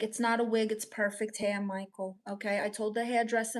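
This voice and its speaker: A woman's voice: fairly high pitch, fairly even intonation, moderate pace, few pauses. A woman in a casual live stream, playfully reading viewer comments aloud and riffing on them.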